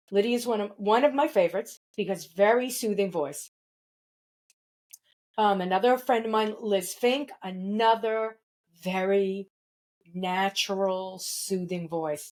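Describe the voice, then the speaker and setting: A woman's voice: medium pitch, low-quality recording. A woman hosting a podcast interview in a casual, chatty, rambling way, often laughing. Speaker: podcast host.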